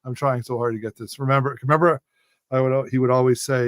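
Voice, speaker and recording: Smooth-voiced male show host, overwhelmed. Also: medium pitch, steady tone, fast talker, dry recording. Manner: stunned, repeating exclamations. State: emotional, close to tears. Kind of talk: live show chat.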